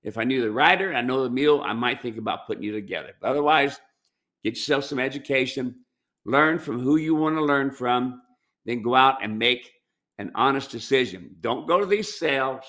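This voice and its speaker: A mule trainer talks through viewer questions in a plainspoken, folksy way, often drifting into stories from working cattle. His voice is bright and a bit tense, with ordinary pitch for a man. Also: brisk. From United States. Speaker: mule trainer and ranch owner. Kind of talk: casual Q&A advice talk. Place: ranch.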